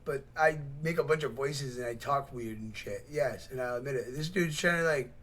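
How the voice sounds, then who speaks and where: A man hosting a reaction video, talking in a rambling, excitable way full of swearing and mocking asides. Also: medium pitch, moderate pace. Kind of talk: casual profane reaction commentary.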